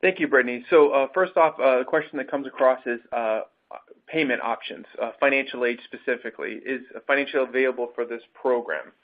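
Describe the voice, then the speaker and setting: A man runs the question section of an online program webinar, reading questions aloud and pausing on many fillers. His pitch is middling and the line is narrow and phone-like. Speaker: enrollment advisor hosting Q&A.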